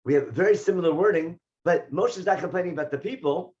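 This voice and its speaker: Rabbi teaching a Torah lesson, lo-fi. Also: male voice, on the high side, fast. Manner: reads Hebrew verses and paraphrases them in English; animated when voicing the speakers in the text. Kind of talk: text study lesson.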